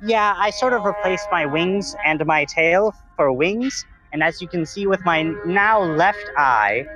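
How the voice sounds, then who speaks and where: A man's voice: high voice, animated, unhurried, music in the background, poor audio. A man playing in a tabletop game, describing his character's actions in a hesitant way, full of fillers. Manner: hesitant, filler-heavy narration. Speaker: player. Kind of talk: tabletop role-play chat.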